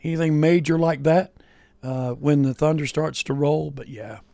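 A man's voice: a little high, moderate pace, gravelly, mellow, dry recording. Easygoing folksy man co-hosting radio. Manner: easygoing, folksy, lots of "you know" and "yeah". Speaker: radio show co-host. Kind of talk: casual on-air chat.

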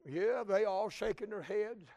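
High gravelly preacher man. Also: measured pace, dry recording. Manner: fervent, rising to shouts. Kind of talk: storytelling sermon.

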